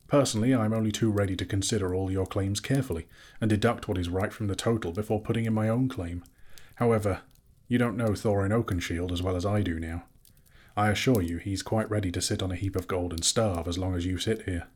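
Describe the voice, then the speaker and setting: A man voicing a polite, fussy male hobbit who talks in a brisk, businesslike, genteel way, a little husky. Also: fairly low pitch, a little mellow.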